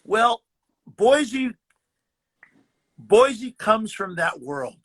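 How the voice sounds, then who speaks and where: An older man, a guest actor, telling stories in a casual, animated way, acting out dialogue and often repeating words. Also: sits high, very slow. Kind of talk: casual storytelling.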